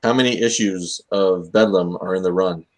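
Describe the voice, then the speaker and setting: His voice sits low and moves at a normal speed as he hosts a laid-back comics talk stream. The man jokes around and rambles, using lots of fillers along the way.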